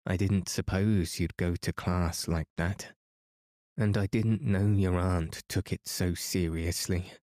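A man voicing a sulky, scheming teenage schoolgirl who pleads and sulks, in a slow storybook reading. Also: low voice, steady tone, a little mellow, dry recording, studio quality. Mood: sullen pleading. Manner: pleading and sullen.

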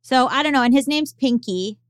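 Woman podcast co-host, smooth and clear, slightly high, candid rambling chat, dry close mic. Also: fairly quick, no echo. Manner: candid, rambling, with frequent fillers.

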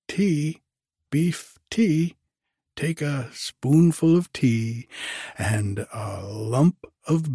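A man's voice: medium pitch, darkish tone, husky, dry recording, clean studio sound, voice pushed up, full character voice. A man voicing a cheeky, chatty hotel porter who jokes and confides cheerfully, as a character voice in an audiobook. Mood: cheery.

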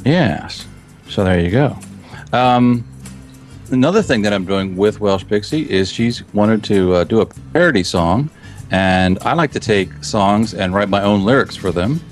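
A man's voice: lowish voice, lively intonation, unhurried, soft background music. A man chatting as a podcast guest about his video projects in a casual, rambling way, often restarting sentences and chuckling.

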